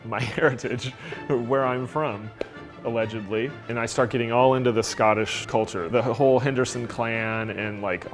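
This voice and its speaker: Guy telling funny family stories, laughs a lot, music under him. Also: mid-range voice. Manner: storytelling with frequent laughs. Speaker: business owner. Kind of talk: documentary interview.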